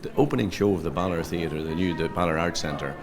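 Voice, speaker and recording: A middle-aged Donegal Irish man with a very low voice, chatting away as an interview guest and telling anecdotes, tripping over his own repeated words as he goes. The chatter of a crowd carries on steadily behind him. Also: fast talker, creaky. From Ireland. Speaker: comedian and playwright guest. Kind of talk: casual interview chat.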